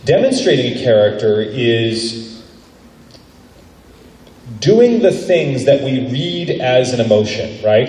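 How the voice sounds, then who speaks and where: A man who teaches voice acting, answering an audience question at a convention panel in an animated, playful way. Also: mid-range voice, slow, long pauses. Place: large convention panel room. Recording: echoey hall recorded from far off.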